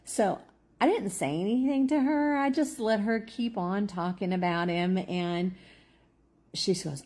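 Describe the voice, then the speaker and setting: A woman calmly telling a story in a measured way, with a few hesitations. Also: medium pitch. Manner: calm, measured, some hesitations. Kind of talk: casual storytelling.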